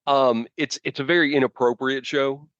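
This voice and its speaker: A man co-hosting a podcast in casual chat, rambling and halting with lots of fillers and restarts. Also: mid-range voice, steady tone, a bit bright, no echo, lo-fi sound. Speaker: podcast co-host.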